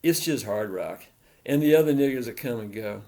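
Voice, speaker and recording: A man narrating a literary story in a rhythmic, repetitive, deliberate delivery. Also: medium pitch, lively intonation, vocal fry, warm tone.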